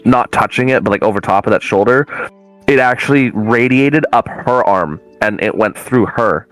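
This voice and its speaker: A man's voice: on the low side, moderate pace, soft background music, poor audio. Rambling man telling a story. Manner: rambling with many fillers and restarts. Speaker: guest, medium. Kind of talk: casual storytelling.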